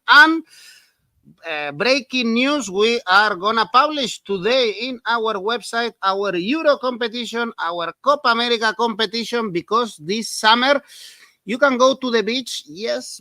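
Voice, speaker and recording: A man whose first language is Spanish, hosting a casual betting chat in a playful, chatty, slightly halting way. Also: sits high, sharp tone, dry recording. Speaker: host.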